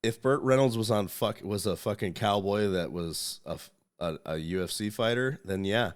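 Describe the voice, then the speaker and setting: A man's voice: lowish voice, moderate pace, clear, resonant tone. A man hosting a podcast in casual chat, rambling, swearing freely and reading articles aloud. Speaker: podcast host.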